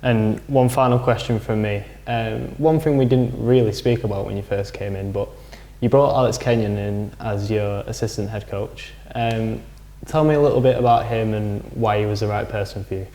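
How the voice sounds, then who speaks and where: A man's voice: lowish voice, steady tone, normal speed, mellow. A man interviewing a football coach, asking conversational questions. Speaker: club media interviewer.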